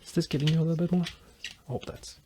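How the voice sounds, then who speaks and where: A man's voice: fairly high pitch, fairly even intonation, fast talker, noisy background. A man vlogging as he builds a guitar, explaining while he works, rambling and making self-deprecating jokes. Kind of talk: casual workshop tutorial chat.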